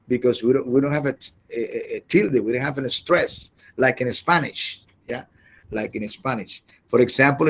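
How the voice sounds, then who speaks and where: A man teaching an English class over a video call, halting and often repeating words as he explains. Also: mid-range voice, a bit bright. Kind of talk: online class lecture.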